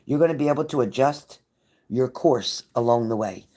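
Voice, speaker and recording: A woman's voice: very deep voice, normal speed, warm tone. A woman giving a live tarot reading to viewers, blunt and profane, with a pep-talk delivery that repeats phrases for emphasis. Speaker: tarot reader.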